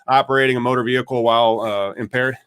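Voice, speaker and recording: A man's voice: mid-range voice, steady tone, fast, fairly bright tone, clean tone, dry recording. A man hosting a live podcast, chatting casually and wryly about news as it happens. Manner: chatty, wry, talks over tech trouble. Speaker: podcast host.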